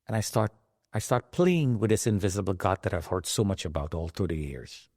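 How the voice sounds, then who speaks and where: A man's voice: low-pitched, expressive, brisk, darkish tone, dry recording, studio quality. A middle-aged man telling his own survival story in an emotional, dramatic way, rising into pleading outbursts. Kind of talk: personal testimony.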